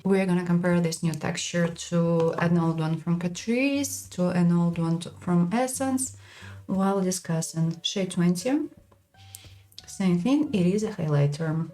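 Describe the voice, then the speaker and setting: A woman giving a frank, unhurried makeup product review as a beauty vlogger. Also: lowish voice, a little mellow.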